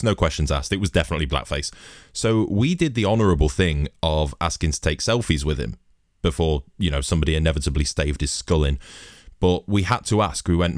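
Young podcast host, very low voice, dry close sound, swears freely while telling a story. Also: male voice, dry recording. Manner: sweary, animated anecdote telling. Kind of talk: casual storytelling monologue.

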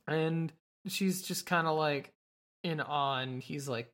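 A woman's voice: sits low, steady tone, a little slow, fairly bright tone. A woman casually recapping a show's episode on a podcast, swearing freely and quoting characters as she goes. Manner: swears casually, acts out quoted lines in passing. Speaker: podcast co-host recapping an anime. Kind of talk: casual chat, recapping scenes.

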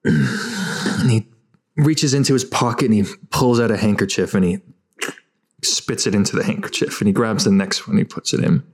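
Game master, easygoing narrator, mid pitch. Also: normal speed, slightly rough.

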